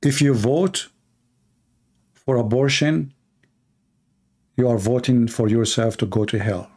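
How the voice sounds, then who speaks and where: In a mid-range voice with fairly even intonation, a darkish tone and a breathy edge, this man preaches slowly. He is a Christian preacher from the Middle East with an Arabic accent, and his fiery political sermon comes as emphatic, repetitive exhortation built on short, punchy lines.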